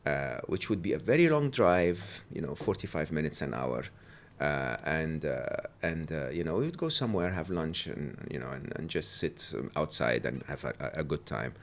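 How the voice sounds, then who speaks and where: Animated middle-aged man, low gravelly voice. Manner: animated storyteller, laughs often; halting with fillers. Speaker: guest. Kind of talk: podcast interview.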